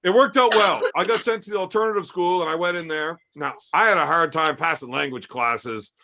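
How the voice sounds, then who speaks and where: A young man with a fairly high voice tells crude, swearing-laden stories in a relaxed podcast chat. His delivery is casual and unhurried. He talks like someone spinning yarns among friends. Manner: crude, swearing, laid-back storytelling. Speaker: podcast host.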